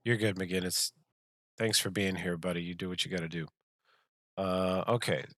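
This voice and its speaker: A man's voice: low-pitched, flat delivery, moderate pace, a bit bright, no room sound, studio quality. A man running an online tabletop game as game master, teasing his players and laughing often.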